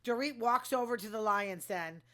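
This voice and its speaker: A woman's voice: on the high side, normal speed, sharp tone. A woman hosting her own show, giving a casual, opinionated recap of reality TV full of asides and fillers. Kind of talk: casual gossipy commentary.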